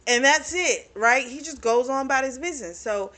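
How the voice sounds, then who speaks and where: A woman's voice: sits high, lively intonation, fairly bright tone. A woman book reviewer casually retelling a novel's plot, chatty and laughing often, with lots of "you know" and "like" fillers, briefly voicing the characters' lines. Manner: acts out characters' lines in quick asides.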